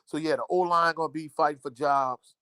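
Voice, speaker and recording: A middle-aged man from Louisiana chats casually on a sports live stream, reading viewer comments and repeating phrases for emphasis. His voice is bright and a bit high for a man. The recording is close and dry, with no room sound. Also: fairly even intonation, a little fast, clean tone, no echo.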